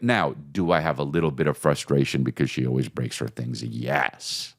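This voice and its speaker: A man's voice: moderate pace, vocal fry. A man hosting a podcast, telling a comedic story and acting out his own and others' lines with big jumps in his voice. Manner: animated, acts out quotes with big pitch jumps. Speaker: podcast host.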